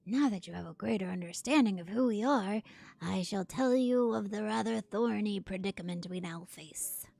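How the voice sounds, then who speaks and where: A woman voicing a grave, formal ancient spirit lord in a game, reading in a slow, measured, archaic way. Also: medium pitch, creaky, a little mellow. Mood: solemn.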